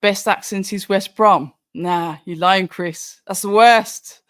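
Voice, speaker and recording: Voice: mid-range voice, fairly even intonation, slow pace, fairly bright tone, no echo, studio quality. A host from Birmingham with a Brummie accent, chatting casually on a livestream and answering viewer comments with frequent restarts. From Birmingham, England. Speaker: livestream watch-along host. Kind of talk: casual live chat commentary.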